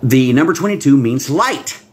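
A man preaching a livestream Bible-code sermon, excitable, swinging between hushed asides and loud exclamations and talking straight to his viewers. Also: medium pitch, moderate pace, slight background noise. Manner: talks directly to viewers, reads out comments. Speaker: pastor.

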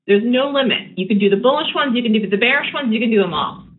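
Brisk woman teaching day trading. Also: fairly high pitch, lively intonation. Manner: brisk, emphatic, conversational teaching with fillers like okay. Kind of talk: live trading webinar teaching. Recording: tinny phone-like line with faint noise.

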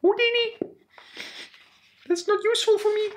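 A man voicing a high, squeaky alien who doesn't get the point. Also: fairly even intonation, moderate pace, fairly bright tone, slight background noise. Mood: mocking.

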